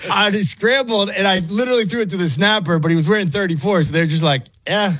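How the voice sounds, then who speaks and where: A middle-aged man, a former pro quarterback, chatting and telling stories as a podcast guest, self-deprecating and lively. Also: sits high, fast talker, dry recording. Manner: chatty, self-deprecating, quotes people in put-on voices. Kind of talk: casual storytelling interview.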